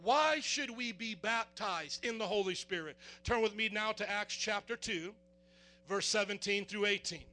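A man preaching a sermon as pastor, fervent, quizzing the congregation in call-and-response and building up to shouts. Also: high voice, moderate pace.

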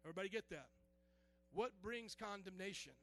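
A man's voice: sits high, fairly quick, bright, forceful tone, soft background music. A male pastor preaching a sermon in a conversational way, quizzing the congregation with questions and dropping joking asides.

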